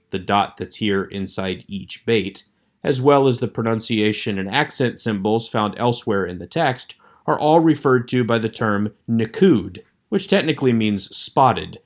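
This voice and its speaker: A man teaching a recorded online lecture with a measured, explanatory delivery. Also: lowish voice, lively intonation.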